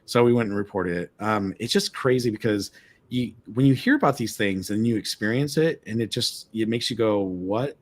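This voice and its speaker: A man with a fairly low voice tells a story as a guest on a live stream. He gets excited, stumbles over repeated words and acts out what everyone said. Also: normal speed. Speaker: guest, former ship tour guide. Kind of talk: animated storytelling. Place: remote live stream call.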